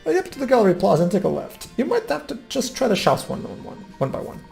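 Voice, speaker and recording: A man rambles through a puzzle-game playthrough, stumbling and restarting as he explains things to his friends. His voice is slightly raised and gravelly with fry. Quiet game music sits underneath. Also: sits high, sing-song, fast talker. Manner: rambling, many restarts, playful. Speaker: let's play commentator. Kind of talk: casual gaming commentary.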